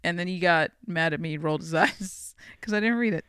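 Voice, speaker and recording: A young adult co-host chatting casually on a podcast, retelling stories in an animated way, laughing often and swearing freely. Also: medium pitch, a little fast, clean tone, no room sound, studio quality.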